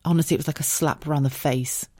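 A woman's voice: low-pitched, steady tone, fast, dark tone, husky, dry recording, clean studio sound. A woman, hosting her own podcast in a candid, chatty way, swearing freely and wandering off on tangents. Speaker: podcast host. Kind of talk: casual solo podcast monologue.

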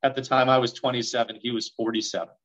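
A man in his forties telling a story in a podcast interview, acting out the dialogue with lively energy. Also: medium pitch, fast talker, muffled recording. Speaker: real estate investor guest.

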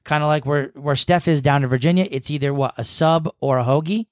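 A man's voice: on the high side, a little fast, no echo, clean studio sound. A man from New England hosting a podcast, telling long stories with a rambling, profane manner. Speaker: podcast host. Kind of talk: casual chat.

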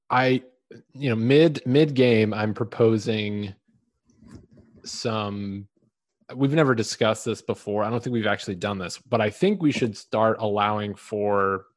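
A man co-hosting a podcast in relaxed, laid-back casual chat. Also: on the low side, no echo. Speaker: podcast co-host.

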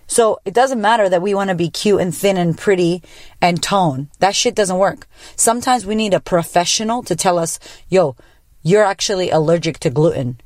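A woman podcast host talks bluntly and swears freely, telling her story in an animated way. Her voice sits at a middle pitch. The recording is dry and close, with no room sound. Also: normal speed, no room sound. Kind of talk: casual personal monologue.

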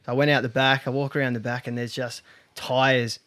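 A man's voice: medium pitch, flat delivery, brisk, fairly bright tone. A young Australian man telling a rambling story on a podcast, swearing freely and laughing along. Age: young adult. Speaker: podcast co-host. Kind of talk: casual storytelling chat.

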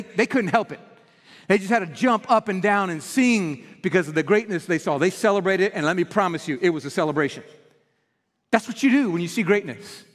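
A man preaching a sermon as pastor, telling stories with animated energy and often restarting his words. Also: high-pitched, long reverb tail.

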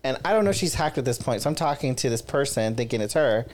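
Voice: medium pitch, animated, fast, a little mellow. A podcast co-host chatting casually, telling a long rambling story with many fillers. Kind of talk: casual chat.

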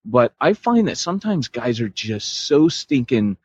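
A man's voice: mid-range voice, big pitch swings, a little slow, a little mellow, breathy edge, no room sound, lo-fi sound. A man from Europe co-hosting a podcast, chatting casually and rambling with lots of fillers. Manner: rambling, loose, full of fillers. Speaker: podcast co-host. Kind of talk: casual chat.

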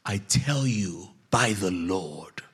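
A desperate king swears solemn oaths in a slow, deliberate voice, as a preacher voices him. His tone is husky and low. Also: animated, exaggerated voice. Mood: insistent. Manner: slow, drawn-out oath-making.

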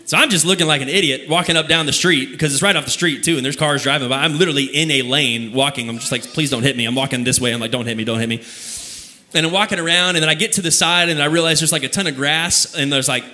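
A young male pastor preaches in a relaxed, storytelling manner. His voice is bright and forceful and sits a little higher than most men's. He drags out key phrases for emphasis. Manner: conversational storytelling, laughs at himself, slows down for emphasis. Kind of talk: sermon.

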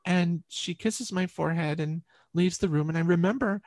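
A woman's voice: on the low side, normal speed, few pauses, a little mellow, dry recording, studio quality. A woman interview guest earnestly telling a personal story, often repeating words as she recalls.

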